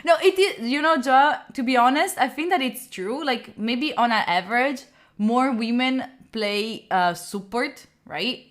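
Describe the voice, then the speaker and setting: A young woman from Italy with an Italian accent, chatting casually with her livestream viewers. She is animated, laughs often and reads chat messages aloud. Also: on the high side, unhurried. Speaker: streamer.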